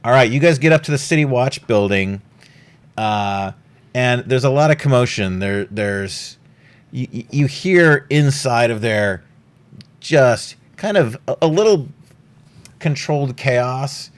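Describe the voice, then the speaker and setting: A man's voice: medium pitch, lively intonation, a little slow. A man narrating a tabletop game as game master, casual and rambling with lots of fillers and swearing.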